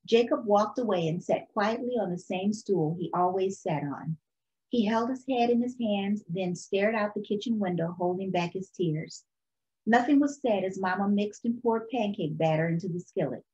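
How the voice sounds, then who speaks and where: A woman reads a children's picture book aloud in a calm, expressive storytelling voice. Her pitch sits in the middle range. The recording is muffled and lo-fi. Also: moderate pace. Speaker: storytime reader.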